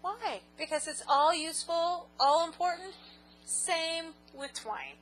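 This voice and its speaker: A woman's voice: very high-pitched, slow, fairly bright tone, a little hiss or hum, poor audio. A woman vlogger answering viewer questions in a giggly, rambling, self-mocking casual chat.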